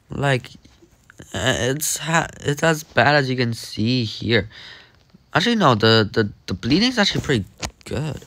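Animated young man commenting on gameplay. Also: mid-range voice, a little hiss or hum. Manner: animated, jokey, talks to himself while playing. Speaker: gaming commentator.

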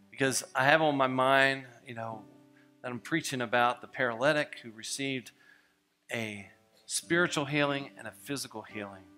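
A male pastor speaks slowly and unhurriedly in a bright, forward voice. He introduces guests in a relaxed, conversational way from a church stage. Soft guitar plays faintly behind him. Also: mid-range voice.

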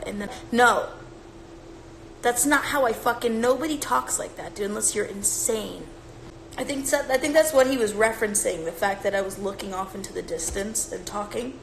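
Gravelly woman rambling on a phone stream. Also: a little high, moderate pace, fairly bright tone. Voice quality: smoky, gravelly. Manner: rambling, profane, joking storytelling. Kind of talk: casual livestream chat. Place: room at home with her cat. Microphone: phone livestream. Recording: echoey room, faint noise.

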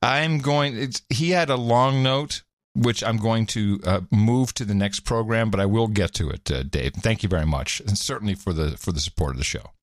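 A man's voice: on the low side, moderate pace, dry recording, studio quality. A man co-hosting a podcast in casual chat, laughing often and trailing off into restarts. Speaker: podcast co-host.

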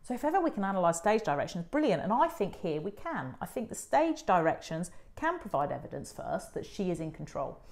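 A woman's voice: fairly low pitch, big pitch swings, fairly quick, hardly any pauses, darkish tone. A woman teacher explaining how to analyse a play for an exam, emphatic and patient, repeating her key points. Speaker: English teacher. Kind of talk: exam revision lesson.

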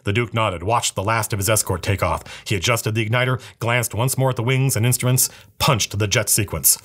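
A man reading a novel aloud with a steady, even storytelling manner. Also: lowish voice, fairly quick, husky.

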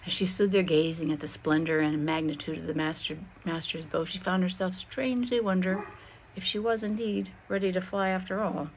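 A woman with a low voice tells a Christian allegory in a slow, expressive style and leans into every dramatic beat. A faint hiss of noise sits beneath her voice. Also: rough recording. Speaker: storyteller.

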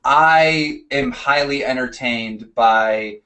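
Dude hosting a live stream, playing mediator, lots of ums. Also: male voice, medium pitch, takes it slowly, bright, forceful tone, low-quality recording. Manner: moderating, hesitant with fillers. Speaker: host.

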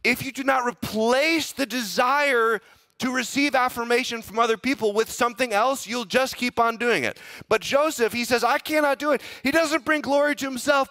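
Man, pastor, sermon, dramatic delivery, high pitch, bright tone. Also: lively intonation, moderate pace. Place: church.

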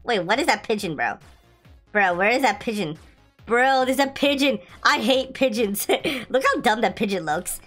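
A woman hosting a gameplay video, excitable and playful, laughing often as she comments. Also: fairly high pitch, moderate pace, soft background music. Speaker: gaming video host.

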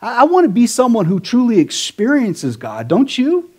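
A man's voice: extremely high pitch, wildly swooping pitch, normal speed, darkish tone. A middle-aged man, a pastor, preaching a sermon in a casual, conversational way with slang.

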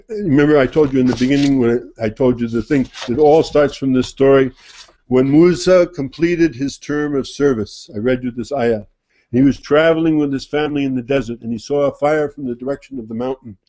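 A man teaching at a study center, retelling a scripture story to a gathering in an animated way and repeating phrases for emphasis. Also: medium pitch, moderate pace. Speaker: religious teacher. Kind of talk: storytelling sermon.

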